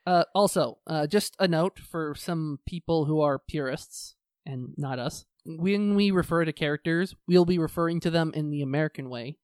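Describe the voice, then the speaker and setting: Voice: medium pitch, no room sound, clean studio sound. A podcast co-host chatting casually, swearing often and ranting with energy about shows they love and hate. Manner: profane, animated ranting.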